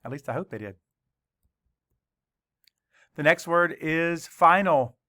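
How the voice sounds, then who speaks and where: A male teacher leading a spelling lesson for children, spelling words slowly letter by letter and adding dry asides. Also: fairly high pitch, pushed and bright.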